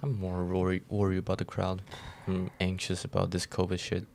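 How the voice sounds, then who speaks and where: A young man who is not a native English speaker, co-hosting a podcast and telling stories in a rambling, halting way. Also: low-pitched, gravelly, a little hiss or hum. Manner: relaxed, rambling storyteller with halting restarts. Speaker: podcast co-host. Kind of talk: casual storytelling chat.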